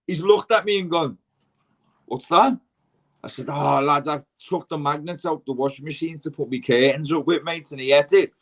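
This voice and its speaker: A man's voice: fairly high pitch, brisk, few pauses. A man with a Scouse accent, hosting a casual chat and telling rambling, slangy prison stories full of quoted dialogue. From Liverpool. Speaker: podcast host.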